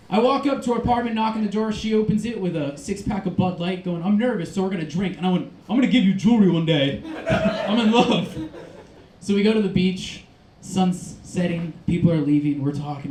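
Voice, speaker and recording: Manic, high-pitched stand-up comedian man. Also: a little hiss or hum. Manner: manic storytelling, shouted asides. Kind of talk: stand-up set. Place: comedy club stage. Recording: echoey club room.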